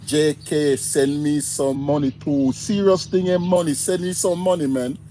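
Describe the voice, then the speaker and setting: A man's voice: fairly high pitch, steady tone, a little slow, dark tone, slight background noise. A man with a Jamaican accent hosting a casual livestream, greeting viewers by name and laughing easily. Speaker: livestream host. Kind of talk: casual live chat reading viewer comments.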